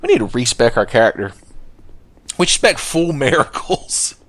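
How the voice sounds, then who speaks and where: A gaming channel host rambles through a casual let's play, joking and swearing along the way. His middle-pitched male voice is lively, with widely swinging pitch, at a normal speed and with no room sound.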